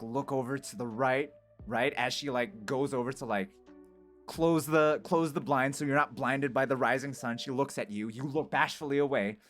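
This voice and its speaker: Streamer, casual storytelling, rambling, lots of fillers, mid-pitched voice, excited then hushed. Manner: rambling, full of "like" and "right?" tag questions; animated, swings between excited and hushed. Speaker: vtuber streamer.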